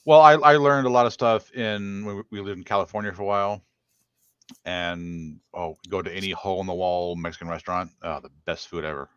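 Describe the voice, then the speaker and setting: Very deep-voiced man on a dull, lo-fi stream. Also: steady tone, a little fast, a bit bright, smooth, dry recording. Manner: chatty, hesitant, reads viewer comments. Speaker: cooking show co-host. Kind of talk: casual live-stream chat.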